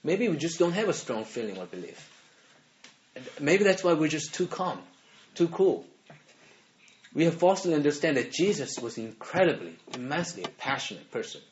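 Man, youth sermon, animated, laughs often, somewhat high voice, dull lo-fi recording. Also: moderate pace, slight background noise. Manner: animated, laughs often, keeps asking "right?".

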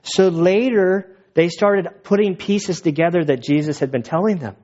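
Casual storytelling preacher, dull recording. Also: male voice, fairly high pitch, moderate pace, warm tone. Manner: casual, conversational storytelling with asides. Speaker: pastor. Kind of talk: sermon.

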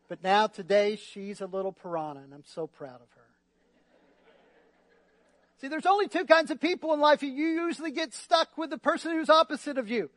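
A male pastor preaches with a bright, high voice, joking and calling for amens from the congregation. The sound is dry and close, with little room echo. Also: fairly quick. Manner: lively, joking, asks the crowd for responses. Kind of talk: sermon. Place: church.

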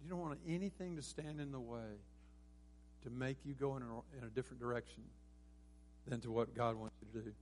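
A man's voice: mid-range voice, fairly quick, darkish tone, a little hiss or hum. A man preaching a sermon as pastor, earnest and rising to emphatic peaks, with frequent restarts. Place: church sanctuary.

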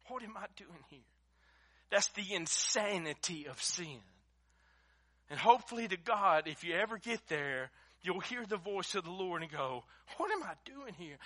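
A man preaching a sermon, moving between quiet storytelling and loud, emphatic preaching in a folksy way. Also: a little high. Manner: swings from hushed storytelling to shouted preaching. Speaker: pastor.

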